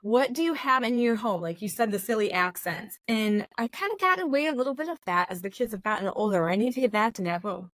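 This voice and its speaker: A middle-aged woman hosting a podcast, chatting in a lively, storytelling way with quick asides. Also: a little high, no echo. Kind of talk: casual conversation.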